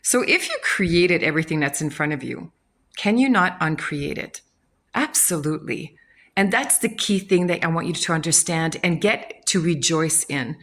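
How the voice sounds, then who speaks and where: A woman's voice: deep voice, expressive, normal speed, a bit bright. A woman hosting a self-help channel, speaking in a frank, casual motivational talk, swearing freely and acting out people's inner voices.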